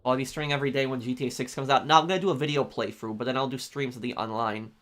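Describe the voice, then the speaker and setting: Speaking very fast in a fairly bright, medium-pitched voice, this man chats casually during a game stream. He's easygoing, reading viewer messages aloud and repeatedly thanking each one in turn.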